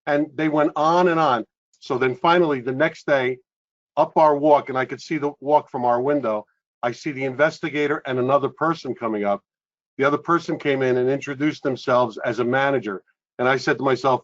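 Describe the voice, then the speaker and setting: Call participant, a man with a mid-pitched voice, easy anecdote-telling, muffled call line. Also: fairly quick. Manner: conversational storyteller. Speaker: call participant, industry veteran. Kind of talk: casual anecdote on a group call. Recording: dull lo-fi call audio.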